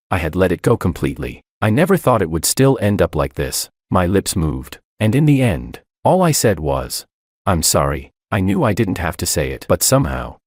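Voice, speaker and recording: A man's voice: low-pitched, no echo, studio quality. A man narrating a romance story in first person with dramatic, scripted delivery.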